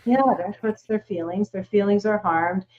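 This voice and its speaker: A woman guest chats casually with a wry, deadpan humor and an easy laugh. Her pitch is middling for a woman. Her audio comes through a dull, lo-fi remote connection. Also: moderate pace. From United States. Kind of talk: casual conversation.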